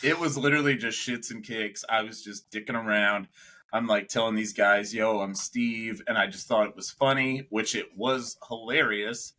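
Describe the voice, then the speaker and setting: Bright-voiced young man telling a rambling story. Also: on the low side, normal speed. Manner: rambling, animated, swearing, laughing storyteller. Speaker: podcast co-host. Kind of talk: casual storytelling chat.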